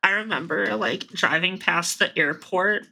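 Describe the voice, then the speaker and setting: Bright-voiced woman, crude podcast chatter. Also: fairly low pitch, a little slow, vocal fry, low-quality recording. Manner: rambling, crude jokes, laughs often. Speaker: podcast co-host. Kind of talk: casual chat.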